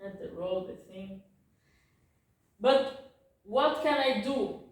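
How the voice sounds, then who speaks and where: A woman's voice: medium pitch, slow pace. A woman whose first language is Portuguese gives a casual language lesson. She repeats words, corrects herself, apologizes and keeps checking in with "ok?". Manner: self-correcting, apologetic asides. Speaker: language teacher. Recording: very echoey room, distant mic.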